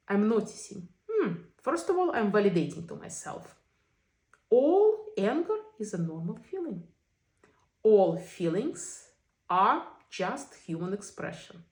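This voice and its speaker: A woman's voice: a little high, darkish tone. A woman teaching a self-compassion session in English that is not her first language, often checking in with "okay?". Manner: non-native English phrasing. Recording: echoey room.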